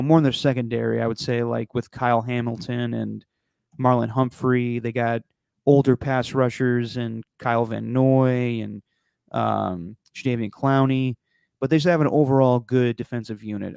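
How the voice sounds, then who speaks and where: A male podcast host who talks sports in a frank, opinionated way and swears casually. His voice is gravelly yet smooth and clear, at a middle pitch, and the close mic sounds dry and free of room echo. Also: a little mellow.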